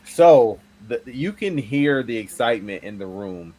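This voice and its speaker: A man's voice: medium pitch, a little slow. A man from the Midwest hosting a casual panel chat, telling stories with gasps and acted-out reactions. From American Midwest. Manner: animated storyteller, acts out gasps and reactions. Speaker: podcast host.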